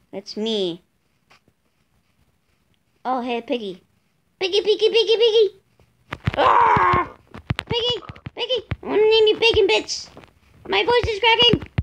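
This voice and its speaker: Shrieky excitable woman gamer, noisy recording. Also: a little high. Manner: excitable, shrieks and yells at game monsters. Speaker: gaming channel host. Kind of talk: let's play commentary.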